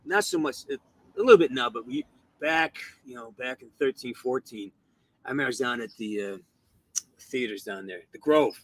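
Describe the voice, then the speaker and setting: Animated man with a distinctive voice. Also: medium pitch, moderate pace, vocal fry. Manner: animated storyteller, acts out voices. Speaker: show host. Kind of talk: casual interview chat.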